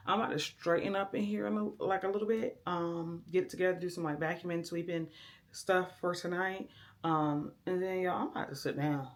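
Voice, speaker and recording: A woman's voice: lowish voice, steady tone, fairly quick. A young woman, chatting casually to her camera at home in a laid-back vlog, talking straight to her viewers. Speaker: vlogger. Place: at home, indoors. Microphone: handheld camera.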